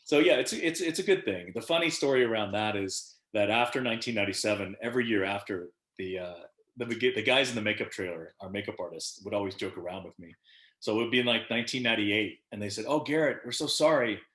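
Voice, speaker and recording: A man's voice: fairly low pitch, quick pace. A man in his fifties, a guest on a video call interview, telling stories with lots of laughter and acting out the quotes. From United States. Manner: animated storyteller who laughs often and acts out the quotes. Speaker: actor guest. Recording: echoey room.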